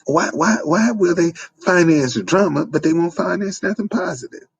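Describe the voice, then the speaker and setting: A man's voice: a little high, moderate pace, gravelly, breathy edge, dry recording. A man, delivering an informal preaching monologue with repetitive, emphatic phrasing. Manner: repetitive, emphatic, folksy street-preacher cadence. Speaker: online preacher.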